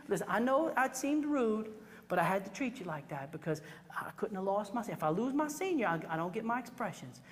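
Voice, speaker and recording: A woman teaching a photography workshop to a live class, chatty and animated, acting out little quoted exchanges. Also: medium pitch, fairly quick. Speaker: photography instructor. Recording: reverberant hall recording.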